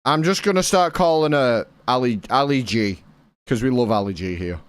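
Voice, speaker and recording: Young British male streamer, animated, casual and chatty, dry close sound. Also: mid-range voice, moderate pace, clean tone, dry recording. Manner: chatty, reads and answers chat, swears casually. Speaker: game streamer.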